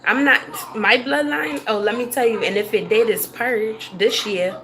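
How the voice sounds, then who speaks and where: A woman's voice: fairly high pitch, moderate pace, a crowd in the background. A woman livestreaming, ranting to her chat in a blunt, profane way and laughing often. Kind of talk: casual livestream rant to chat.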